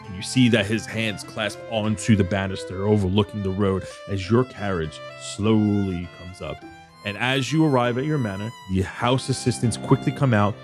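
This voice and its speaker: A man narrating a tabletop game as dungeon master, describing scenes with restarts and pauses. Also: lowish voice.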